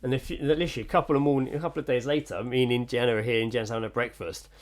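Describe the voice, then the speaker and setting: A man's voice: mid-range voice, steady tone, rapid-fire. A man co-hosting a podcast, telling rambling, sweary anecdotes in casual chat. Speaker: podcast co-host.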